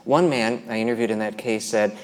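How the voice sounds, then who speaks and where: A man's voice: fairly low pitch, a little fast. A man giving a conference talk on abuse and faith, earnestly retelling what survivors he interviewed told him. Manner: earnest, quotes people he interviewed. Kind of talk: conference talk with retold stories. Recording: long hall reverb.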